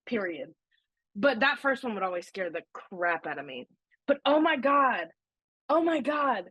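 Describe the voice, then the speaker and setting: A woman co-hosting a podcast, gushing and excitable as she tells stories in casual chat. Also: on the high side, measured pace, breathy edge, no echo. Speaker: podcast co-host.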